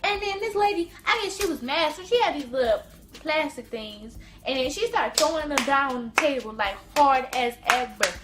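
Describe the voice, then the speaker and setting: A woman vlogger telling a casual storytime in an animated, slangy way, repeating phrases for emphasis. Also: high voice, moderate pace, background noise.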